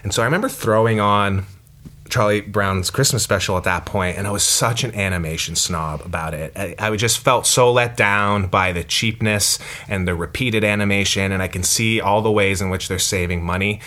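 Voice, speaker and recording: A man's voice: fairly low pitch, moderate pace, pushed and bright. A man in his thirties co-hosting a podcast in casual chat, rambling with lots of "like" and the odd swear word. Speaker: podcast co-host.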